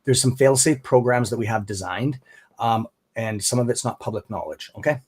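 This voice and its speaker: A man's voice: mid-range voice, moderate pace, slightly rough. Rambling Canadian man on a live stream. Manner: rambling, friendly, calls viewers brother and bud. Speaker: stock trading stream host. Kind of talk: casual live-stream chat.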